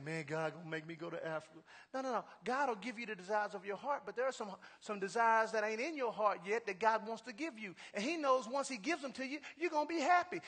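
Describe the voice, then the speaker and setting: A male pastor preaching a sermon, stressing his points with repeated refrains and building to shouts. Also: extremely high pitch, in a large hall.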